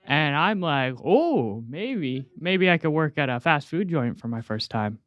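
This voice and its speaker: A teenage boy telling a casual personal story, acting out the dialogue with quick voice changes. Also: a little high, muffled recording. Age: teens. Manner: animated, acts out dialogue with quick voice shifts. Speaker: student storyteller.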